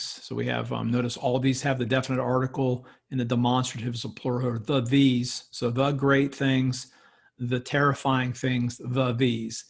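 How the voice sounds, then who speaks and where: A man lecturing as a biblical studies professor, slowly reading and explaining a Hebrew text word by word. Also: medium pitch, flat delivery, vocal fry, breathy edge. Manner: slow, thoughtful, pauses on words.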